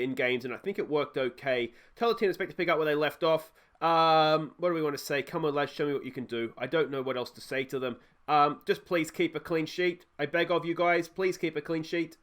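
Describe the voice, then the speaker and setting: A man with an Australian accent commentating on his own football management game, swinging from calm musing to loud, swearing outbursts. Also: a little high, normal speed. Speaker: gaming YouTuber.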